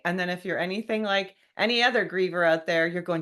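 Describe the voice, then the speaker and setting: A woman's voice: on the low side, fast talker, few pauses, a bit bright. A woman hosting a solo podcast, talking in a wry, conversational way and mock-quoting what people say. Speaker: podcast host.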